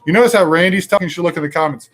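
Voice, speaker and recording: A man's voice: high-pitched, rapid-fire. A man co-hosting a live show, joking and rambling in casual banter while talking to viewers. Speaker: co-host.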